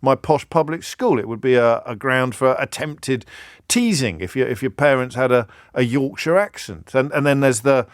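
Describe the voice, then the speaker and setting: This radio phone-in host is a middle-aged man from England whose reflective, conversational talk is full of restarts and swells into impassioned questions. His mid-range voice moves at normal speed, and the recording is dry with clean studio sound.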